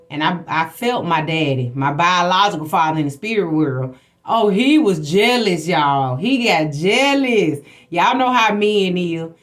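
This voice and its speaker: A woman hosting a spiritual livestream, telling personal stories in a blunt, profane, preachy way. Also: fairly low pitch. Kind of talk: casual spiritual talk to viewers.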